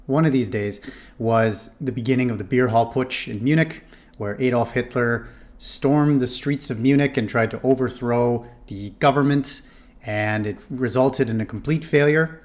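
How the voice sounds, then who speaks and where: A man's voice: medium pitch, normal speed, a little mellow. A man casually commenting on a history video, rambling and correcting himself with many fillers. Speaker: reaction video host.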